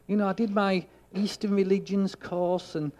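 A man preaching a sermon, telling a story and acting out the dialogue, getting loud for emphasis. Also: sits high, fairly even intonation, moderate pace.

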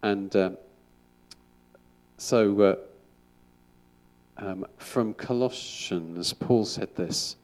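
A man's voice: fairly low pitch, very slow, pauses often, a little mellow. Rambling man giving a sermon. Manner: chatty and rambling, with frequent restarts. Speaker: school chaplain. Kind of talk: informal sermon.

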